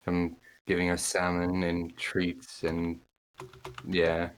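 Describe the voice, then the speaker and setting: A man at a tabletop game chats in a relaxed, hesitant way. His voice sits very low. He often restarts his sentences mid-thought. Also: slow, slight background noise, rough recording. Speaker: player. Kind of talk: in-character casual chat.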